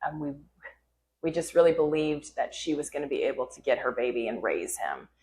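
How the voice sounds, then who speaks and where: A woman's voice: low-pitched, big pitch swings, a little fast, a little mellow. A woman guest, a foster mother, speaking earnestly and thoughtfully in a casual interview.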